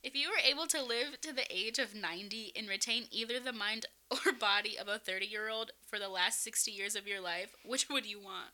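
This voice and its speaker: A woman's voice: mid-range voice, a little fast, hardly any pauses, bright, forceful tone. A young woman from Massachusetts co-hosting a podcast, chatting casually with a friend, giggly and playful. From Massachusetts, USA. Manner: giggly, playful, slipping into silly voices. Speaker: podcast co-host. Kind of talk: casual chat.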